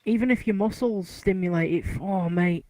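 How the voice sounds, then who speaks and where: A man's voice: high voice, moderate pace, darkish tone, no room sound, poor audio. A man in a casual chat, telling a short story of his own after brief agreeing replies.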